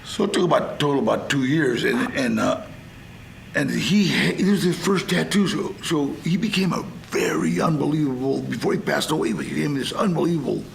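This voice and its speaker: A man's voice: on the high side, brisk, creaky, a little hiss or hum. An older man, a guest on a talk show, telling rambling stories in a casual way and acting out other people's lines. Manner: rambling, animated, acts out quotes. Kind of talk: casual storytelling.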